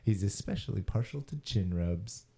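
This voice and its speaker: Podcast co-host, man, very dark mellow tone, casual reader with amused asides. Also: lowish voice, expressive, normal speed, vocal fry. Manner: chuckling, reads articles with asides. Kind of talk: casual chat, reading news stories aloud.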